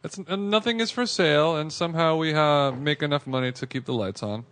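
A man's voice: a little high, a little fast, a bit bright. A man co-hosting a podcast, chatting casually and cutting in with teasing jokes and questions. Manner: joking, teasing interjections. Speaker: podcast co-host. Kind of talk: casual chat.

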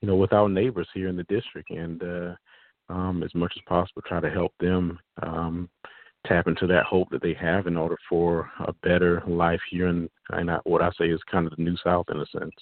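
A man's voice: low-pitched, little pitch movement, normal speed, no room sound. A man running for Congress, answering interview questions over the phone, with many fillers and restarts. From South Carolina Low Country. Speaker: congressional candidate. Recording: phone line.

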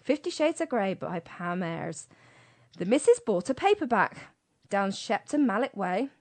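A woman's voice: mid-range voice, very animated, a little slow, a little mellow. A British woman co-hosting a radio show, teasing and hurrying her co-host in casual banter.

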